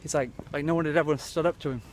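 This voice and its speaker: Comedy vlogger, a man with a slightly high voice doing a deadpan, profane rambling rant; clear street traffic behind. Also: rapid-fire. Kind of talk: absurd comic rant to camera. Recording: clear traffic noise outdoors.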